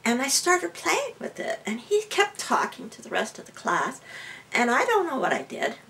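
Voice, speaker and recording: Lively, bright-voiced woman telling a story. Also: high-pitched, normal speed, gravelly. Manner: lively storyteller, laughing often. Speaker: guest, healer and medium. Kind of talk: storytelling interview.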